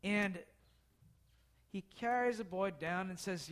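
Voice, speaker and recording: High-voiced man preaching casually. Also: takes it slowly, a bit bright. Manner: conversational, asks the listeners questions. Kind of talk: casual storytelling sermon.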